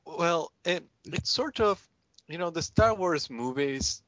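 A man who is a guest on a podcast, explaining things in a rambling, halting way in casual chat. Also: on the high side, expressive, fairly bright tone, no echo. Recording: dry, dull lo-fi podcast audio.

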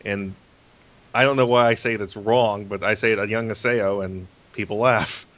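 A man's voice: on the low side, fairly even intonation, normal speed, a bit bright. An American man hosting a podcast interview, easygoing and jokey with short remarks. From United States. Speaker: podcast host. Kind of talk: casual conversational interview.

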